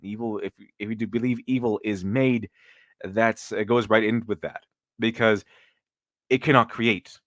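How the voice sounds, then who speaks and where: A man's voice: lowish voice, steady tone, measured pace, fairly bright tone, no room sound, clean studio sound. A man hosting a casual live stream, rambling with many restarts and mocking critics sarcastically.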